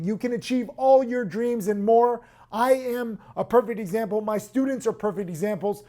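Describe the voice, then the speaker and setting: A man with a hoarse voice hosting in excitable, emphatic casual promotional talk. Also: very high-pitched. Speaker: host.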